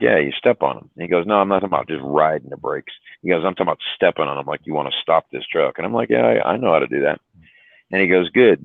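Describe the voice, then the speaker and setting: A man's voice: deep voice, creaky, no echo. A man telling a long story about driving a truck, in a rambling casual way with fillers and some swearing. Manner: rambling anecdote with frequent fillers and mild swearing. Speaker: truck driver telling a story on a live stream. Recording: tinny phone-like sound.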